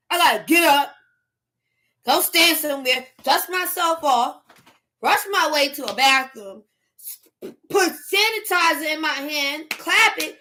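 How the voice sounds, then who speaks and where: A middle-aged woman hosts a casual livestream. Her voice sits high and bright, and she talks at an unhurried pace. She is loud and animated, laughing easily and sometimes breaking into a shout. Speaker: livestream host.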